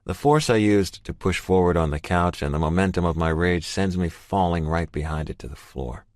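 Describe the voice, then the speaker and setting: A man narrating a first-person romance audiobook in a steady, measured way. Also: low voice, no room sound, clean studio sound.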